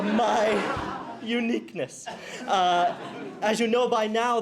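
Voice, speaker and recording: A man in his thirties from New Jersey gives a graduation speech as a clown teacher, with a notably high voice. He jokes at his own expense and stumbles through little fillers between heartfelt points. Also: a little mellow. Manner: playful, self-mocking, with hesitant fillers. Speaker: commencement speaker and clown teacher. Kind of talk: graduation speech to a live audience.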